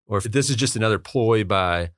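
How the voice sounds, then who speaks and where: Low-voiced man asking questions on a podcast. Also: brisk, no room sound, clean studio sound. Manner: curious, asks questions, laughs easily. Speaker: podcast co-host. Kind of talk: casual book discussion.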